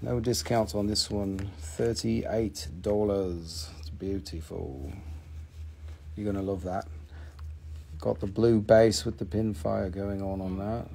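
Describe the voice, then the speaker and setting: A man's voice: fairly low pitch, steady tone, unhurried, gravelly, a little mellow. A man hosting a live stream, chatting casually and joking as he shows and prices stones for sale. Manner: chatty, jokey salesman talk. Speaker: host selling minerals on a live stream. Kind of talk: casual live sales chat.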